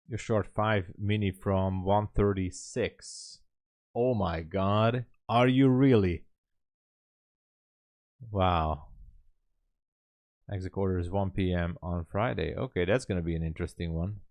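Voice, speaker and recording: A man's voice: low voice, dry recording. A man hosting a live day-trading stream, thinking aloud, greeting viewers in chat and laughing often. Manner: relaxed, halting, many fillers. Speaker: day-trading livestream host. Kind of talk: live commentary while trading and reading chat.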